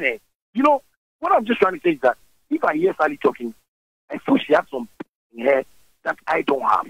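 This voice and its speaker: Ghanaian guy on a radio interview, high-ish gravelly voice, swings all over, forceful. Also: brisk, long pauses, dry recording, rough recording. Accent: Ghanaian English. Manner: animated and forceful, switching languages mid-sentence. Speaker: interview guest, musician.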